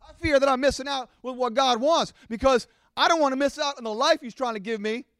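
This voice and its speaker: A middle-aged man preaching a sermon to his congregation, animated and acting out the voices of his listeners. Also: very high-pitched, a little fast, dry recording, clean studio sound. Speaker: pastor.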